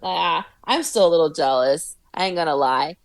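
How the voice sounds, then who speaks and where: A woman as a podcast guest in casual chat, telling animated stories, swearing freely and laughing often. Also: low-pitched, normal speed, no echo.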